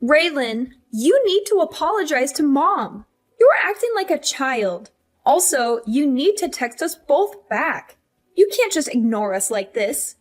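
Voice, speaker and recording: A woman's voice: high-pitched, sing-song, unhurried. A woman voicing a self-righteous older sister, a married mother, who nags and lectures in a scripted story drama. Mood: nagging. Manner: nagging, lecturing.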